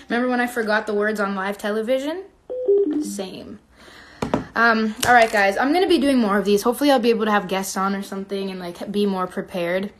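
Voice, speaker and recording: A woman's voice: medium pitch, a little fast, a little hiss or hum. A young woman in her twenties hosting a casual phone livestream, chatty and playful, reading comments aloud and humming between remarks. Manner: chatty, playful, reads comments aloud, hums and breaks into song.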